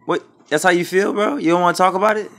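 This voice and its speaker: Guy at home on his phone begging his pet to forgive him, slangy and mock serious, kinda high voice. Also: fairly even intonation, quick pace, vocal fry, fairly bright tone. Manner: pleading, mock-sincere, slangy. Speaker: vlogger talking to his pet. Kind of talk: playful apology to a pet.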